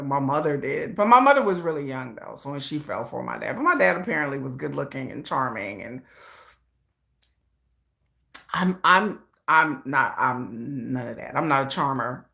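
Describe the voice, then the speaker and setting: A woman hosting a casual livestream, chatting loosely, laughing often and breaking into excited shrieks. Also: sits low, gravelly. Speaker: livestream host.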